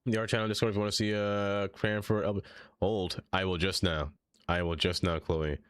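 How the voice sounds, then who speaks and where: A man's voice: on the low side, level tone, normal speed, clean tone, no echo, studio quality, faint music behind. A man live-streaming a city-building game, chatting casually and reading chat aloud, ranting animatedly and laughing often.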